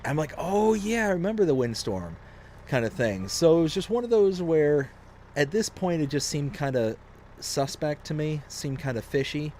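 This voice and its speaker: A young man casually telling a long story on a game live stream, rambling and animated, with lots of fillers. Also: a little high, moderate pace, a little hiss or hum.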